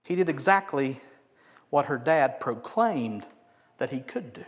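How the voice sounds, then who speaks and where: A man preaching a sermon, acting out quotes loudly and then dropping to quiet asides. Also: mid-range voice, unhurried, pauses often. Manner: animated, swings from loud acted-out quotes to quiet asides. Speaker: pastor.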